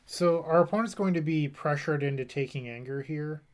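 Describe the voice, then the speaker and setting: A man's voice: a little high, normal speed. A man casually commentating his own card game play, rambling with self-mocking asides. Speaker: gameplay streamer.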